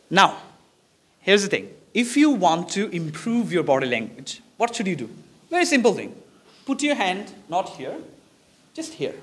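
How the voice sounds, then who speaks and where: A man's voice: sits high, a bit bright, breathy edge. A male English teacher with a Bangladeshi accent giving a classroom lesson on presentation skills, encouraging and repetitive, demonstrating poses as he talks.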